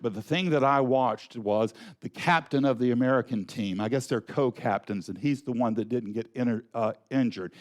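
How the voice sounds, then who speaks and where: A man with a Southern accent giving a Sunday sermon as a guest speaker, earnest and slowing right down to stress key words. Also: mid-range voice. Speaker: guest speaker at a spiritual center.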